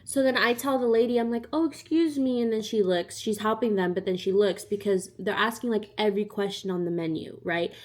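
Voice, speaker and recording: A woman's voice: mid-range voice, steady tone, fairly quick, hardly any pauses. A young woman telling a storytime in a casual, chatty way, acting out the other people in her story. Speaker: vlogger.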